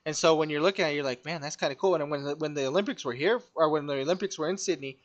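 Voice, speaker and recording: A young man hosting a casual podcast, upbeat and excitable, quick to agree with his co-host. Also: a little high, highs cut off. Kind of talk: casual chat.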